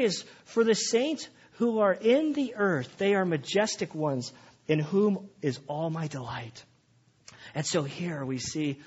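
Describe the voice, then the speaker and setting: Male pastor, fairly high husky voice, earnest sermon delivery, muffled lo-fi sound. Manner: earnest, rising to emphatic, with frequent restarts.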